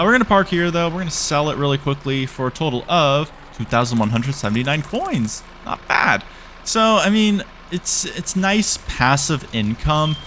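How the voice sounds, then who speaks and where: A man's voice: on the high side, fairly bright tone, slight background noise. A young man giving casual, chatty commentary over a farming game, playfully exasperated and talking to the animals on screen. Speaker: gaming YouTuber.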